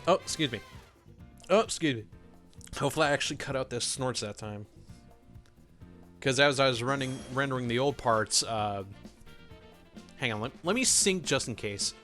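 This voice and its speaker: Bright-voiced man rambling over gameplay. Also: mid-range voice, moderate pace, long pauses, faint music behind. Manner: rambling, self-correcting, laughs often. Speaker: let's play commentator. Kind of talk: casual gameplay commentary.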